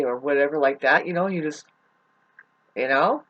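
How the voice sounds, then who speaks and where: A woman's voice: fairly low pitch, moderate pace, husky, dull audio. A woman venting in an unscripted vlog, upset and close to tears, rambling, swearing and often restarting her sentences. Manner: rambling, profane, loops back and restarts often. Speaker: vlogger. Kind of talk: unscripted emotional vlog monologue.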